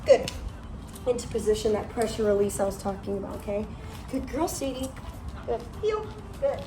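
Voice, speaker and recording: This dog trainer's mid-range voice is very animated and brisk, sounding reverberant and far from the mic amid background noise. Out on a street or driveway, she demonstrates training, praising the dog and explaining things to its owners.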